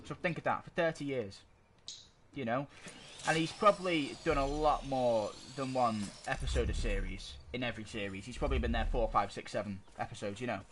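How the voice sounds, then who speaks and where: A man with a mid-range, slightly bright voice talks a little fast as co-host of a casual podcast. He argues his points in a rambling style, frequently searching for words, and his desk microphone yields a noisy amateur recording.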